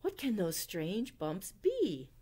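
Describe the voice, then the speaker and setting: A silly, well-meaning male owl from a children's storybook, put on by a woman reading aloud. He fusses and exclaims, his voice swinging high and low, and he talks slowly. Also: huge pitch swings, dark tone, a little hiss or hum. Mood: worried. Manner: exclaims in rising alarm, fussy.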